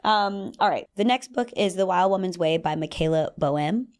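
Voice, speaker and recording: A young adult woman talks through a solo podcast episode in a lower-pitched voice. She stays casual and animated, and now and then slips into playful voices to act out little scenes. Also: normal speed. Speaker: podcast host.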